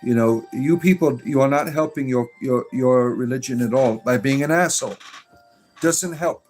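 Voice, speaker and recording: A man's voice: medium pitch, moderate pace, darkish tone, faint music behind. A man hosting a pagan livestream, reading and answering chat comments in a sarcastic, exasperated way with lots of fillers. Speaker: pagan clergy livestream host.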